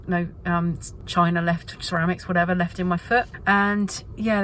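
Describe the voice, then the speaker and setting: A middle-aged woman with an English accent, chatting excitably in a casual vlog. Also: on the low side, a little hiss or hum. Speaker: vlogger.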